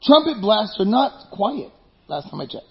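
A man's voice: high voice, very animated, measured pace, creaky, lo-fi sound. A male pastor preaching a conversational sermon, joking and asking the listeners questions.

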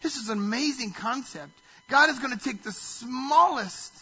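High, bright-voiced preacher. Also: male voice, moderate pace, breathy edge, muffled recording. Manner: reads scripture aloud and breaks off to ask the listeners rhetorical questions. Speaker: pastor. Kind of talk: sermon.

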